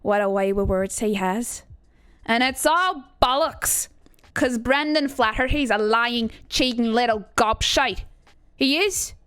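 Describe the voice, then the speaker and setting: A woman's voice: fairly high pitch, slow, a bit bright, clean tone, no room sound. A woman voicing a chatty, gossiping Irish local in a put-on Irish accent, delivering a crude, confiding monologue. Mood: scornful.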